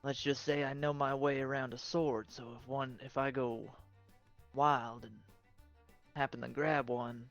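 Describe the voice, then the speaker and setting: Male tabletop player, husky fry in the voice, slow and careful; muffled mic, faint music. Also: medium pitch, fairly even intonation. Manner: slow, hesitant, measured. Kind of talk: playing a character in a tabletop game.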